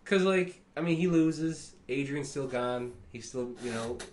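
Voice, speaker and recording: A man's voice: medium pitch, unhurried, darkish tone. A man in casual podcast chat, laid-back and swearing freely. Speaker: podcast co-host. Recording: roomy room, faint noise.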